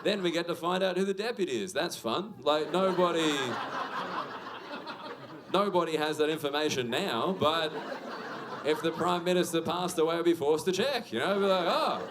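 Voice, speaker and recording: A man's voice: fairly high pitch, normal speed. A young Australian man with an Australian accent doing a stand-up comedy set, conversational and sweary, working the crowd with lots of tag questions. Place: comedy venue with audience. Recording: live venue with audience noise.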